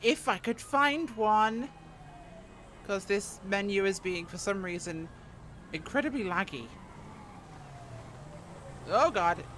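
A woman's voice: mid-range voice, animated, slow, pauses often, a bit bright, slight background noise. A woman streamer giving giggly, chatty commentary on her own roleplay gameplay. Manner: giggly, chatty asides to viewers.

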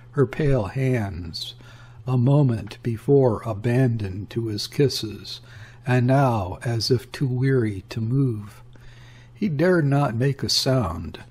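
A man reading a literary story aloud in a measured, deliberate narration. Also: mid-range voice, a little mellow, slightly rough. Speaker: audiobook reader.

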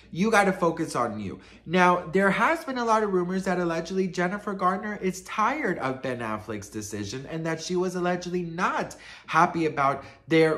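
A man's voice: sits high, fairly bright tone. A man giving a casual celebrity gossip vlog, sassy and dramatic, swearing often and rambling as he tells his story. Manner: rambling, loses his train of thought.

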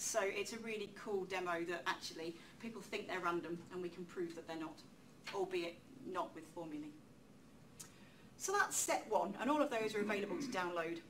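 A woman giving a public talk in a lecture room, lively and chatty, with self-deprecating asides. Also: on the low side. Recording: distant mic with faint room noise.

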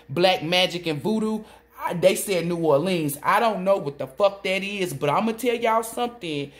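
A woman giving a solo tarot reading, rambling excitedly and swearing as she relays messages she says come from a spirit. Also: fairly low pitch, normal speed. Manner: swoops between loud outbursts and muttering. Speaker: tarot reader.

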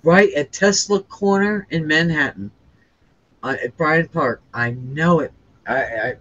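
A woman's voice: deep voice, a little slow, a bit bright, muffled recording. A woman guest giving an earnest, rambling account in conversation, restarting her sentences and using plenty of fillers. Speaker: interview guest sharing a near-death experience.

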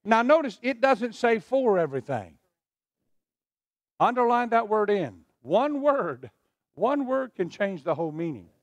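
A man's voice: very high-pitched, lively intonation, moderate pace, no room sound, dull audio. A middle-aged male pastor preaching a sermon, leading the congregation in call-and-response. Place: church sanctuary.

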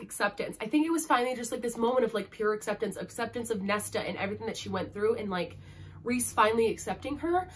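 Young woman, casual book review, gushing, emotional, slightly high pitch. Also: breathy edge. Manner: gushing, emotional, heavy use of "like".

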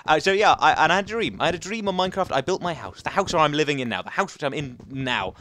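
A man's voice: on the high side, expressive, fast talker, a bit bright, a little hiss or hum. A young man giving chatty, rambling commentary while playing a survival game, talking to the viewers and to the animals. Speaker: gaming YouTuber.

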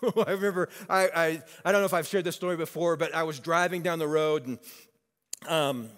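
A man preaches in a relaxed, conversational way, and his voice sits a bit higher than most. He slips into animated storytelling and acts out what people said. A long hall reverb trails each phrase. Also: fairly quick. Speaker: pastor. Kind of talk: sermon.

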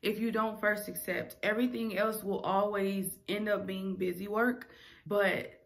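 A woman's voice: medium pitch, fairly even intonation, unhurried, vocal fry. A young adult woman, a singer and vlogger, telling a candid, emotional personal story straight to her viewers.

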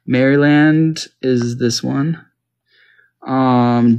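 A man's voice: medium pitch, slow, a little mellow, dull audio. A man from Canada, casually talking to himself while playing a map quiz game, confused and joking. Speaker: gamer. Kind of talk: casual gaming commentary.

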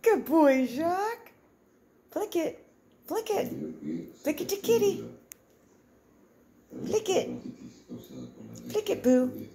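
At home, a woman films her pets and coos to them in baby talk, coaxing them in a sing-song and laughing often. Her voice is very high-pitched, animated and warm, slow with frequent pauses, over a faint hiss or hum.

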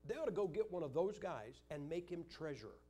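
A man's voice: on the high side, very animated, fairly quick, dark tone, faint music behind. An older man preaching in a church, teaching Sunday school with joking stories. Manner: joking, anecdotal storytelling.

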